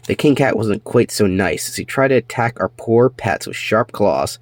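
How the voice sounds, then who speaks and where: Animated man reading a storybook aloud. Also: lowish voice, moderate pace, few pauses. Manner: animated, with slips and restarts. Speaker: author reading his own children's book.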